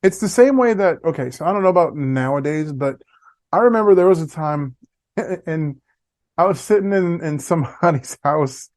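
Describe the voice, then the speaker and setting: Male pastor co-host, lively storyteller, slightly high voice, dry sound. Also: moderate pace, dry recording. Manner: animated storyteller, acts out voices. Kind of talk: casual chat.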